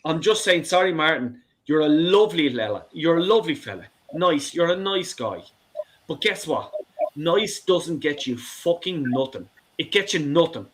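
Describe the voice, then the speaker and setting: Calling in heated, a middle-aged man rants and swears, stumbling over repeated words as he goes. His voice is a little high and animated, at a normal speed.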